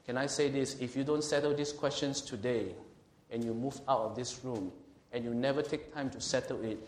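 A male pastor preaching an emphatic sermon. He slows and swells on scripture and asks the congregation questions. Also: mid-range voice, steady tone, slight background noise. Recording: roomy hall echo.

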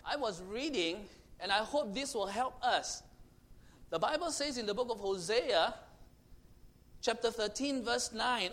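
A man preaching a sermon, swinging between loud proclamation and hushed, intimate tones, with emphatic, repetitive phrasing. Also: very high voice, animated, unhurried.

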